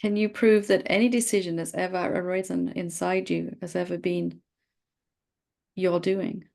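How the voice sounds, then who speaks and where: A middle-aged woman leading a satsang dialogue as a spiritual teacher, speaking gently and playfully, sometimes teasing. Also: on the low side, flat delivery, moderate pace, vocal fry.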